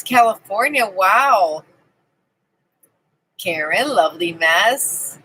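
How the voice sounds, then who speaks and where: A woman's voice: fairly high pitch, lively intonation, slow pace, long pauses, pushed and bright, slightly rough, poor audio. A woman hosting a casual live stream from her camping trailer, chatting and greeting viewers by name. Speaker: livestream host.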